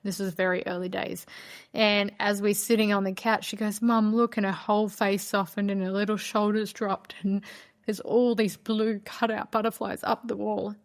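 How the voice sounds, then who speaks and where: A woman's voice: medium pitch, flat delivery, normal speed. Woman, podcast host, candid personal storytelling, chatty, "like" fillers, heartfelt, mid-range voice. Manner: candid, conversational, frequent "like" fillers; emotional, heartfelt telling.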